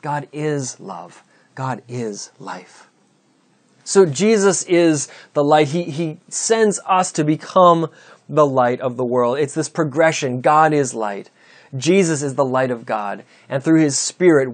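A man's voice: medium pitch, a little slow. A man preaching a sermon, reading scripture aloud and explaining it with rising emphasis. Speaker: pastor.

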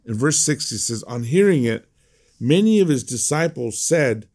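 A man's voice: mid-range voice, animated, moderate pace, darkish tone, slightly rough. A man preaching a conversational sermon as a pastor, emphatic and prone to repeating words.

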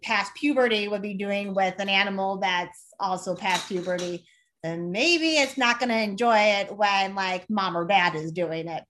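Young woman guest, casual blunt chatter, lively and profane. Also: medium pitch. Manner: animated, swearing, filler-heavy, acts out voices. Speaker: podcast guest. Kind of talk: casual podcast chat.

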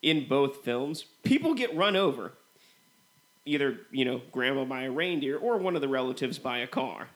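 A man co-hosting a movie podcast, comparing films in a relaxed way with lots of "you know". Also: mid-range voice, moderate pace. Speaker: podcast co-host. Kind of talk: casual movie review chat.

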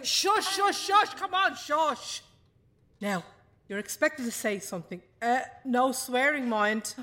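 A brisk prison officer. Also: female voice, on the high side. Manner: brisk, coaxing, hushing a rowdy crowd. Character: brisk female prison officer, jolly but firm. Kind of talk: film drama acting. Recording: film scene with a crowd of women behind.

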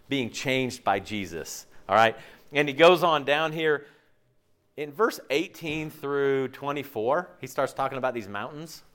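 A man preaching a sermon in a lively, conversational way, joking and asking the congregation frequent questions. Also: mid-range voice. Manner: asks the audience frequent questions. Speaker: pastor.

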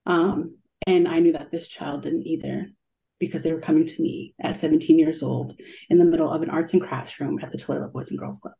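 A woman's voice: sits low, steady tone, a little fast, creaky, mellow. A young adult woman, an art therapist, telling a heartfelt story in a radio interview, with many ums and likes.

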